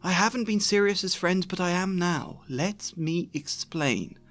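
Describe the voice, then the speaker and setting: A man's voice: sits high, unhurried, a bit bright, faint music behind, voice pushed up. A man reading aloud and voicing a grown man who pleads urgently for a chance to explain. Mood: pleading. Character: pleading grown man trying to calm others.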